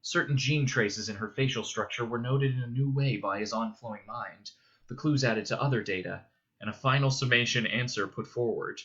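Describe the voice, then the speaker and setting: A man reading a novel aloud in a measured, steady narration. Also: mid-range voice, muffled recording. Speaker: reader. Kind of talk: audiobook narration.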